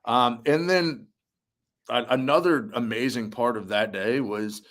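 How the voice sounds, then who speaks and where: A man's voice: mid-range voice, a little slow. A young man, a musician and army veteran, telling stories casually in an interview, acting out quotes between many fillers. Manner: animated storyteller, acts out quotes, many fillers.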